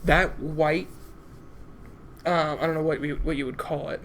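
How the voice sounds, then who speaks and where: A man co-hosting a casual movie review chat, eager and halting, restarting his sentences often. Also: fairly high pitch, steady tone, a bit bright, slight background noise. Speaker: podcast co-host.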